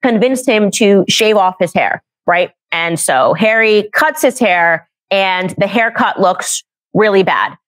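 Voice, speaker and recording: A woman's voice: mid-range voice, lively intonation, takes it slowly, hardly any pauses, fairly bright tone. A woman commentator sarcastically retelling and mocking a story from a book. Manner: sarcastic storytelling, laughs at the subject. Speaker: political commentator.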